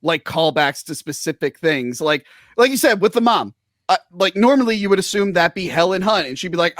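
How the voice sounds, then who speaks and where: A man hosting a casual movie review podcast, jokey and animated, acting out his own reactions as he talks. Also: high voice, a little fast, dry recording, clean studio sound. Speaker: podcast host.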